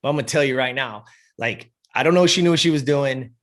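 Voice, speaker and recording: Man, 50s, interview guest, swears freely, keeps checking in with listeners, mid-pitched voice. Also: fast. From US West Coast. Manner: animated, profane, keeps checking in with "you know" and "right". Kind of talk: personal storytelling in a podcast interview.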